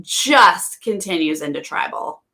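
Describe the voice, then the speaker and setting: Woman, casual recap co-host, lively pitch, bright voice, acts out quotes. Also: unhurried.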